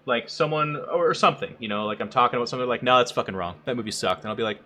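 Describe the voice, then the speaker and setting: Bright-voiced profane man in casual chat. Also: mid-range voice, very fast. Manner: blunt, profane, animated, acts out quotes in raised voice. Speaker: podcast co-host and streamer.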